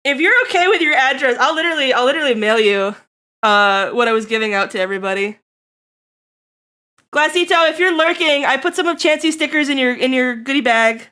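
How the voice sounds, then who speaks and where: A bright, high-pitched young woman chats with her stream audience. She laughs often and slips into playful mock-angry rants with a sharp, ringing tone, swearing freely. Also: animated, brisk. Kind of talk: casual live-stream chat with viewers.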